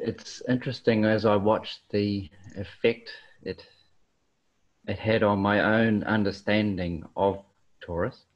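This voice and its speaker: A man from New Zealand speaking on a panel over a video call, explaining ideas thoughtfully with many pauses and ums. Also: lowish voice. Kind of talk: slow reflective explanation. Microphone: video call mic. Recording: dull lo-fi video call audio.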